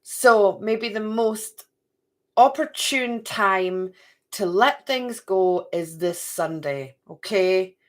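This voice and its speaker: A woman's voice: mid-range voice, slow. A woman giving a casual, chatty spiritual card reading to her viewers, often checking in with "okay?" and "right?".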